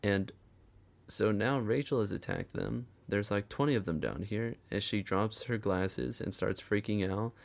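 Gravelly, sarcastic man narrating a recap. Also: lowish voice, a little slow. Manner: sarcastic, swears a lot, chuckles often. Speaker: recap commentator. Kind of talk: casual profane recap commentary.

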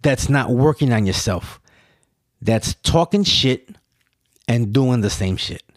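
A man's voice: mid-range voice, lively intonation, slow, no room sound, studio quality. A man hosting a casual solo podcast, rambling and swearing as he poses rhetorical questions to himself. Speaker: podcast host.

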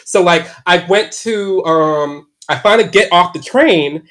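A man's voice: high-pitched, a little slow, a bit bright. A man as a podcast guest, telling a candid personal story from his bedroom at home, rambling with many "like" fillers and restarts.

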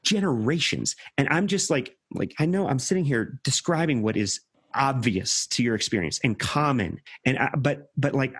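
A man hosts a thoughtful conversation, feeling his way through each sentence with frequent restarts. His voice is husky and mid-pitched. The recording is close and dry. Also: lively intonation, a bit bright, no room sound. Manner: halting, many restarts, earnest. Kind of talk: reflective conversation.

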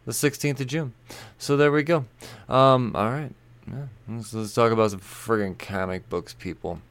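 A man's voice: mid-range voice, fairly even intonation, moderate pace, fairly bright tone, clean tone. A man hosting a comics podcast in a casual, rambling way, joking with himself and restarting lines. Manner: rambling, self-amused, with restarts. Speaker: podcast host. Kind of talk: casual podcast chat and ad reads.

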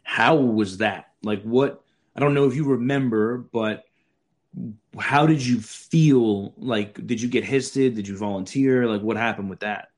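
A young man hosting a casual chat, telling stories in a loose, animated way. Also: medium pitch, measured pace. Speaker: podcast host.

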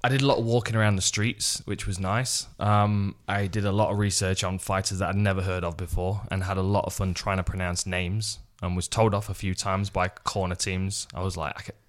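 Low-voiced man in casual podcast chat. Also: a little fast, hardly any pauses. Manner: relaxed, chatty, laughs easily. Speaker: podcast co-host and fight commentator.

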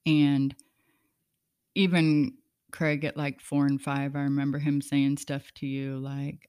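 A middle-aged woman with a low-pitched voice hosts a casual podcast chat. She tells family stories with animated energy, acting out what everyone said. The recording is dry and close. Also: slow, smooth, no room sound. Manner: animated storyteller acting out quotes. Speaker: podcast host.

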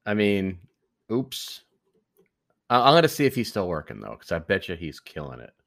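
Lively wisecracking man on a podcast. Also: low voice, normal speed, creaky. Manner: wisecracking, throws in jokes and asides. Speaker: podcast co-host. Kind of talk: casual movie-review chat.

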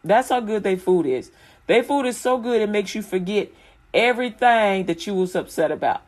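A woman's voice: mid-range voice, lively intonation, normal speed, a little mellow. A woman from Chicago in casual chat about faith, rambling and colloquial, breaking into frequent laughter.

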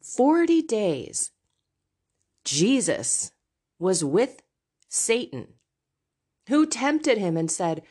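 A woman's voice: medium pitch, big pitch swings, darkish tone. A middle-aged woman hosting a Catholic podcast, speaking frankly and confessionally from a seat in a home. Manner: frank and confessional, slow and deliberate. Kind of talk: candid faith talk. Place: seated in a home.

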